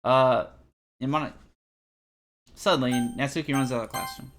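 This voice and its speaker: A young man streaming a game live, rambling through animated, self-deprecating commentary and reading the game's text aloud. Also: on the high side, moderate pace, soft background music.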